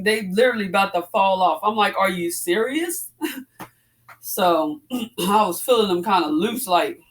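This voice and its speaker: A woman in her forties chatting casually to her viewers while she works out, a little out of breath, calling them "y'all". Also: medium pitch. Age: 40s. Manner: chatty, addresses viewers as y'all, breathy exclamations between exercises. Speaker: fitness vlogger. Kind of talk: casual chat while working out.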